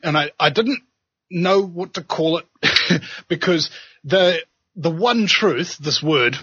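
A man with a New Zealand accent hosting a talk show, preaching and joking in an animated, casual way. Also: a little high. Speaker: podcast host. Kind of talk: casual chat and monologue. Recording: dull lo-fi sound.

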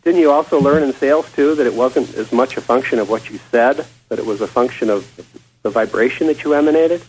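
A man's voice: mid-range voice, fairly quick, a little mellow, faint music behind, rough recording. A man hosting a casual talk show, a former psychotherapist who rambles with many fillers and restarts.

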